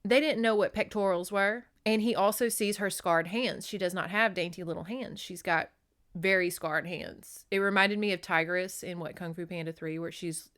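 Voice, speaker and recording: Animated, swearing woman podcast host. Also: fairly low pitch, moderate pace. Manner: animated, profane, laughs often. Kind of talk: casual chat, book recap.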